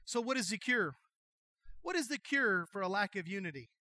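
A middle-aged man preaching a sermon as pastor, telling folksy jokey stories in an animated way. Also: sits high, moderate pace, dry recording.

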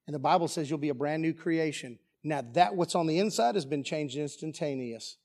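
A man's voice: on the high side, brisk, a little mellow. A man preaching a sermon as pastor, pressing the congregation with emphatic rhetorical questions in a church. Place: church sanctuary.

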